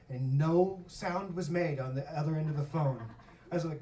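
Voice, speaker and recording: A male stand-up comic tells his story with a lively, swinging pitch and a profane, self-mocking delivery. He is caught in a roomy club, with the audience laughing clearly behind him. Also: brisk, a little hiss or hum. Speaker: stand-up comedian. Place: comedy club stage. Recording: roomy live club from a distance.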